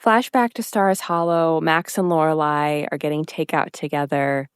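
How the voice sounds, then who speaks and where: A young woman co-hosting a podcast, chatting casually and retelling scenes with lively acted-out quotes. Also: low voice, moderate pace, clear, resonant tone, dry recording, clean studio sound. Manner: animated storyteller, acts out characters' lines in quotes. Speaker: podcast co-host. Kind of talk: casual chat recapping a TV episode.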